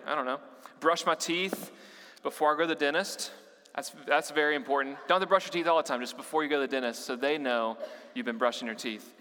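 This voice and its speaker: A young man gives a light-hearted sermon, joking with the congregation and tossing questions to them. His voice sits fairly high and sounds bright and forceful. Long reverb from a large hall trails behind his words. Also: clear, resonant tone. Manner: playful, joking, addresses the crowd with questions. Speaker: youth pastor. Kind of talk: humorous sermon to a church congregation. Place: church auditorium.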